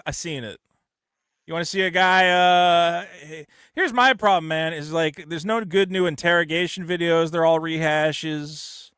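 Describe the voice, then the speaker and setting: A man hosting a call-in show, rambling and swearing, acting out quotes in high voices. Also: normal speed, fairly bright tone, clean tone, no room sound, studio quality. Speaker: host. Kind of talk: casual call-in show banter.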